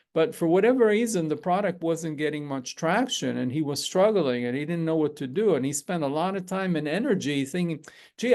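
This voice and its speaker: A middle-aged man hosting a spiritual gathering, giving a calm, measured teaching talk to a group with frequent pauses and fillers. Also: a little high, vocal fry.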